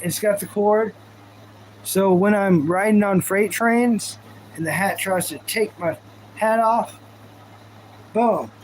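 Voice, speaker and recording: High-voiced rambling man streaming live. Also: takes it slowly, pauses often, slight background noise, poor audio. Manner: goofy, rambling, talks to chat. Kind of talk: casual live-stream chat.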